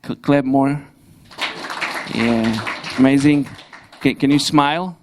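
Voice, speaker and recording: A young man preaching a sermon in a church, pausing and restarting often, with grammar and the odd light laugh. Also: medium pitch, background noise. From Slovakia. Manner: halting, frequent restarts, non-native grammar, light laughs. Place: church hall.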